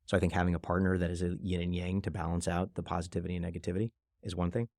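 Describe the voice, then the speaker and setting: A deep-voiced man with a gravelly edge talks at a brisk clip in a podcast interview. He tells stories with energy and slips into quoted voices along the way. The sound is dry and close. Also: no echo. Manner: fast, animated storyteller who acts out quotes. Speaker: guest, venture investor.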